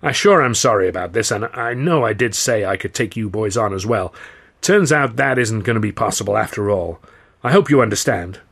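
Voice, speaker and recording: A man's voice: fairly low pitch, animated, fairly quick, vocal fry, a bit bright, slightly rough, exaggerated voice. A man voicing a big, clumsy, genial male film producer who talks in a folksy, easygoing way.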